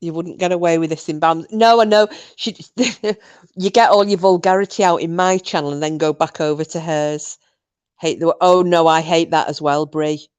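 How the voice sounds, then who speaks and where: A woman's voice: on the low side, steady tone, normal speed, darkish tone, clear, resonant tone, no echo. A woman hosting a casual live-stream quiz night, answering viewer comments and often breaking into laughter. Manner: giggly, often bursting into laughter.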